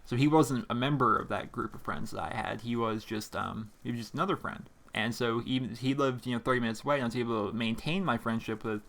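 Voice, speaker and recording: A man's voice: medium pitch, fast, gravelly, hardly any pauses, fairly bright tone. Rambling casual man from Pennsylvania. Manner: rambling, informal, many fillers and restarts. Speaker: YouTube gaming host answering viewer letters. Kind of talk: casual to-camera chat. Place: home gaming room with a squeaky chair. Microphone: desk microphone in front of monitor.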